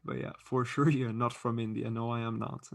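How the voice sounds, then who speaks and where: A man's voice: mid-range voice, steady tone, moderate pace, gravelly. Casual streamer, male, non-native English speaker, hesitant and chatty, faint music underneath. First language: not English. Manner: chatty, hesitant with many fillers and restarts. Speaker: livestream host reading chat. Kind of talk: casual live-stream commentary.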